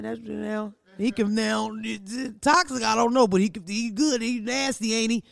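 Brash, gravelly-voiced woman podcast host. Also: fairly high pitch, moderate pace, hardly any pauses, no echo. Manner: brash, profane storytelling with rising outbursts. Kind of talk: casual comedic monologue.

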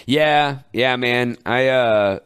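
A man's voice: medium pitch, very slow, a bit bright, smooth. A man from Ohio co-hosting a podcast, talking in a loose, profane, rambling way. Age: adult. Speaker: podcast co-host. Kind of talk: casual chat.

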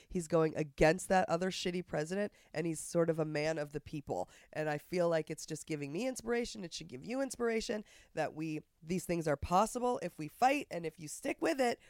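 Profane, rambling man with a smooth voice. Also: a little high, fairly quick, hardly any pauses, dry recording, clean studio sound. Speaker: podcast co-host. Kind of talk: casual political chat.

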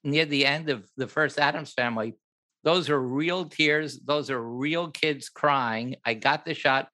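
Older male director, guest storyteller, bright and forceful delivery, acts out the dialogue. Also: medium pitch, unhurried. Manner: animated, acts out other people's lines, laughs at his own story. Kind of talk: anecdotal storytelling in an interview.

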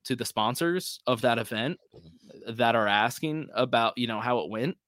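A man co-hosting a relaxed podcast who chats on and on, full of likes and ums. His voice sits in a middle pitch range. The sound is dry and close to the mic. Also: moderate pace, no echo. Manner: chatty, rambling, filler-heavy. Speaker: podcast co-host. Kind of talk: casual chat.

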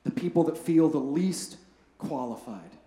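A man's voice: on the high side, animated, a little slow, mellow, roomy sound. A man preaching a family sermon, telling humorous stories in a casual, chatty way and checking in with "right?". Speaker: pastor.

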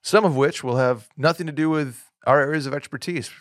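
A man's voice: on the high side, fairly quick, dry recording, studio quality. A man hosting a podcast in casual banter, teasing his guest and rattling off plugs in a joking way. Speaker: podcast host. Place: studio in Austin, Texas.

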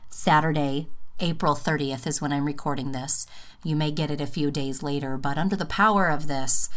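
A woman with a low, deep voice talks to her podcast listeners from home. She speaks earnestly and from the heart, wandering through her thoughts with fillers and restarts. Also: steady tone, moderate pace, a bit bright. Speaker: podcast host. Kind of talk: personal monologue. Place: home, just out of the bath.

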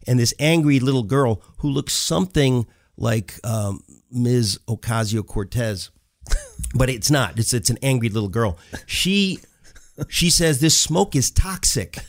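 A middle-aged man, a guest author, telling a funny story in a casual chat, jokey and energetic, acting out the characters as he goes. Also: mid-range voice, no echo, studio quality.

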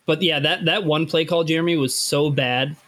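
A man's voice: fairly high pitch, steady tone, normal speed, a bit bright. A man co-hosting a sports podcast, talking with hesitant starts and many fillers. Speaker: podcast co-host. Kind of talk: casual sports podcast chat.

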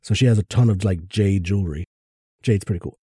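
Man, podcast co-host, laid-back, rambling, very dark mellow voice, dry. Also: deep voice, a little fast, husky, dry recording. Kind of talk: casual podcast chat.

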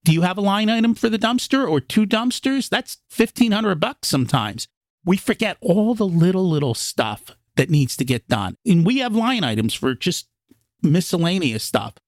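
A man's voice: sits high, very animated, normal speed, no room sound, studio quality. A man, a podcast guest, explaining in practical, emphatic terms, acting out inner dialogue. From immigrated to the United States as a child. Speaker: podcast guest, real estate investor. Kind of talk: conversational interview explanation.

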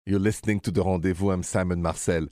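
A man hosting a call-in relationship advice radio show, giving calm, gentle advice. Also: low-pitched, fast, no echo, clean studio sound.

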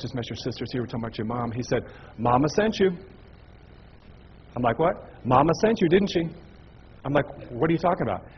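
Fast-talking animated man preaching. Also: medium pitch, dull audio, slight background noise. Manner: animated, acts out dialogue. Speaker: evangelist speaker. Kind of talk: storytelling sermon to a church audience.

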